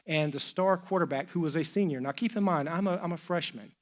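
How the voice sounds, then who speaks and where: A middle-aged man preaching from a church stage, telling a personal story in a lively, chatty way and acting out the dialogue. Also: fairly high pitch, a little fast. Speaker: pastor. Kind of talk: storytelling sermon.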